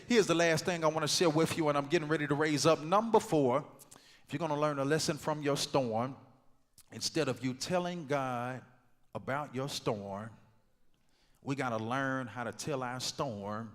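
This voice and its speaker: A male preacher delivers a sermon in a fairly high voice, with a rhythmic call-and-response delivery. He moves from low, conversational stretches to loud shouted declarations. The sound carries a long church reverb. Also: moderate pace. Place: large church sanctuary.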